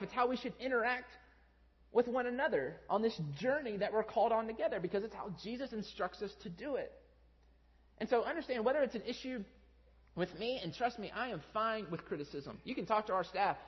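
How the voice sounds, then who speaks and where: High-voiced pastor preaching in a big hall. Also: male voice. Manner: conversational storytelling, animated when quoting his kids. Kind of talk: sermon. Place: large church sanctuary. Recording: dull sound with long hall reverb.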